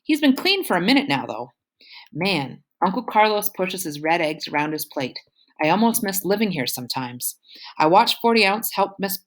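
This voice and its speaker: A woman reading a novel aloud at a steady, unhurried pace, now and then correcting herself. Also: fairly low pitch. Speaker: reader.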